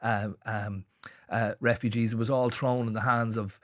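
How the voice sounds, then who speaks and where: A man with an Irish accent discussing news as a radio panelist, speaking haltingly with frequent restarts and fillers. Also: on the low side, level tone, no echo, studio quality. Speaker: journalist panelist. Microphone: studio microphone.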